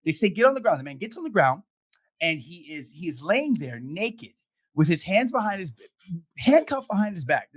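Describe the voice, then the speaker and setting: A man's voice: sits high, very animated, husky. A man hosting an online discussion show, talking with feeling and stumbling over repeated restarts. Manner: impassioned, halting with repeated restarts. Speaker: podcast host. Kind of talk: emotional casual discussion. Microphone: video call.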